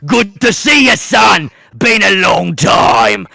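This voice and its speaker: In a live tabletop game, a man doing a cruel knight villain who mocks and taunts his foe. He drags his words out slowly and bellows them, bright and sharp. The sound is close and dry. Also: high-pitched, sing-song, gravelly, no room sound, pitched above the performer's own voice, exaggerated voice. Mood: gloating. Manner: loud, taunting, slow drawl with shouts. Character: gloating villainous male knight, cruel and mocking.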